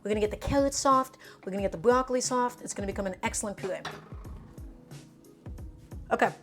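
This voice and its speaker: A woman's voice: mid-range voice, quick pace, faint music behind. A woman chatting casually through a live cooking stream, emphatic and talking to her viewers as friends.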